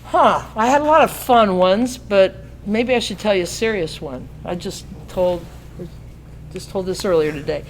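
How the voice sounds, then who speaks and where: A woman in her sixties, a radio host, tells a folksy, self-mocking story to students in a school auditorium, breaking into song and laughing at her own jokes. Her mid-range voice moves at normal speed. The rough recording carries a little hiss or hum.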